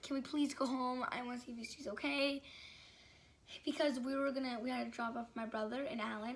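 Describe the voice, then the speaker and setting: A woman's voice: fairly high pitch, fairly bright tone, a little hiss or hum. A young woman telling a personal story in a casual, rambling way, full of fillers and restarts. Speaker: vlogger.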